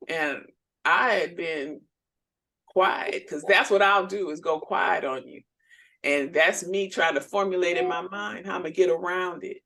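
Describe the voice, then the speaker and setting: Woman co-host telling lively stories. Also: lowish voice. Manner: storytelling with laughs, animated quoted voices. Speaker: podcast co-host. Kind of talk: casual faith chat.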